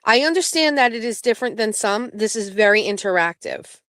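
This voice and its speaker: A woman's voice: medium pitch, lively intonation, a little fast, a bit bright, dry recording. Woman livestream host, casual and blunt, swears freely, dry close sound. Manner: blunt, profane, talks back to chat. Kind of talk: casual live-stream chat with viewers.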